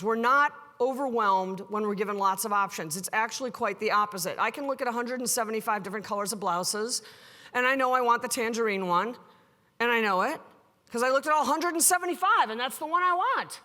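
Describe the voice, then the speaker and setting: Keynote speaker, woman, high voice, animated storyteller, big hall with long reverb. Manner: animated storyteller acting out dialogue, playful with the audience. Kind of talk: live conference keynote. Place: large hall before an audience.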